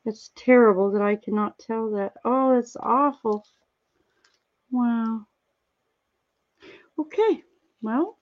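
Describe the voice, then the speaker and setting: A woman streaming, chatting casually with viewers while she crafts, rambling and gently reassuring them with lots of fillers. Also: medium pitch, dull audio. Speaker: livestreamer answering chat.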